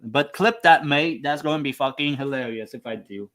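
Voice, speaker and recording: A man's voice: mid-range voice, normal speed, fairly bright tone. A man hosting a live football watchalong stream, chatting casually in a rambling, profane, self-mocking way.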